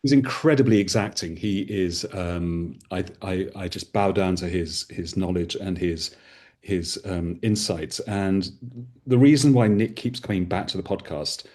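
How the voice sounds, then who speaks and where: A man with a very low voice talks in a relaxed conversation. He tells long, enthusiastic stories and drifts into playful asides. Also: measured pace. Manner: expansive, enthusiastic storyteller. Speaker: podcast host as guest. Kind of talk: casual conversation.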